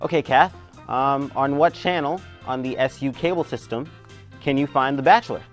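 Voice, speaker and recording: A man's voice: medium pitch, normal speed, faint music behind, natural voice. A man playing a cheesy game show host with breezy, showy quiz patter in a spoof commercial. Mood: chipper.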